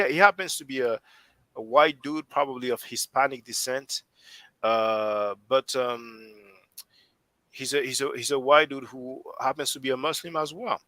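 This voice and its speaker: A man's voice: mid-range voice, bright, forceful tone, no echo, poor audio. A man with a French accent hosting a casual live stream discussion, rambling and often restarting his sentences as he thinks aloud. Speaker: host.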